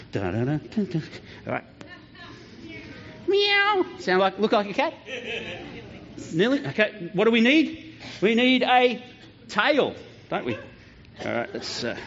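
Quizzing the children as he jokes through a playful talk, a children's pastor speaks in a fairly high, slightly bright voice in a church hall. Slight background noise sits under the dull lo-fi church recording.

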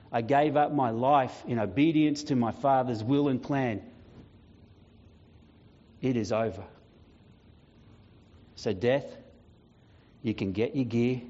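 A man's voice: mid-range voice, pitched below the performer's own voice, close to an everyday voice. A man voicing a solemn divine saviour answering Death. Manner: slow, solemn proclaiming with long pauses, growing quieter and weightier. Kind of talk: dramatic sermon monologue. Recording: dull lo-fi sound.

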